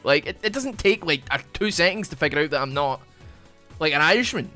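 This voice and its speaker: A man chatting casually while he plays, his voice bright and forward, swinging widely up and down in pitch as he rambles through a story full of "like"s. Faint music sits underneath. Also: fast. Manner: rambling storyteller, many fillers; animated, bursts of laughter. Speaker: gaming YouTuber. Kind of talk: casual chat over gameplay.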